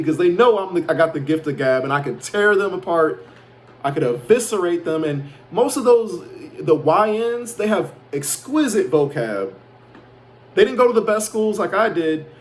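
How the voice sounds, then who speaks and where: Boastful, profane man, higher voice. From Chicago. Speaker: self-proclaimed prophet vlogger. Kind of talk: casual rambling monologue.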